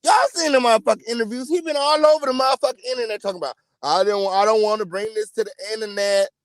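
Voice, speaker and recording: High-pitched man ranting profanely. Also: fast, no room sound, clean studio sound. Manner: profane, emphatic, repeats "okay?" and "period"; animated, sudden loud outbursts. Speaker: host of a celebrity gossip channel. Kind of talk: ranting celebrity gossip commentary.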